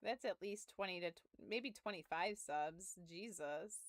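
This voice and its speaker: Streaming games from home, a young woman chats casually through a story, laughing and swearing with her mic up close. She speaks at a measured pace in a medium-pitched voice, with no room sound.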